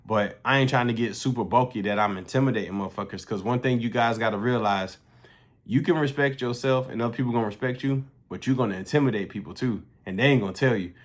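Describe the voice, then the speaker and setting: A man's voice: medium pitch, fast talker. A man talking casually and bluntly to his viewers in a vlog, swearing freely as he tells a story. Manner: blunt, profane, conversational. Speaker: fitness coach.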